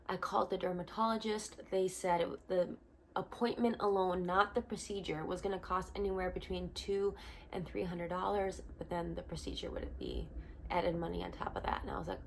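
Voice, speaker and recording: A young woman, a missionary, telling her personal testimony in an earnest, animated vlog at home. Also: on the low side, fairly quick, slight background noise.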